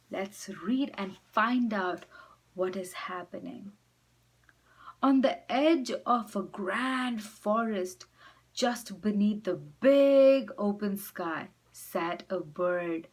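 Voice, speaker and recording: A woman teacher reading a storybook aloud to children, expressive and speaking directly to them. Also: medium pitch, low-quality recording.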